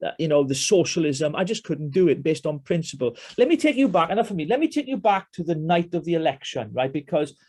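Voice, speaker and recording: A man from Wales hosting a casual political interview, chatty and animated as he asks questions. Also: a little high, fast talker, few pauses, slightly rough. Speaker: podcast host.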